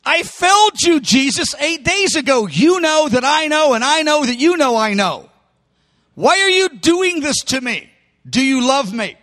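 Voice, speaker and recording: A preacher acting out Peter, ashamed and halting. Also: male voice, sits high, big pitch swings, in a large hall, full character voice. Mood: pleading. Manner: halting, pleading, mumbling at times. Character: Peter, remorseful grown male disciple. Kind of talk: sermon storytelling.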